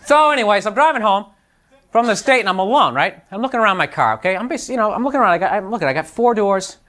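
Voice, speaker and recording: A man's voice: sits high, lively intonation, quick pace, bright, forceful tone. A man doing a stand-up routine before a live audience, ranting in a frustrated, exasperated way. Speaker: stand-up comedian. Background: audience laughter.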